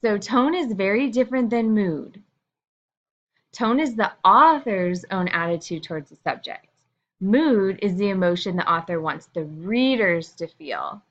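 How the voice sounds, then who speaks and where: A woman's voice: mid-range voice, expressive, a little slow, a bit bright, highs cut off. A woman teacher explaining a lesson to her students in a casual, chatty way, with frequent fillers.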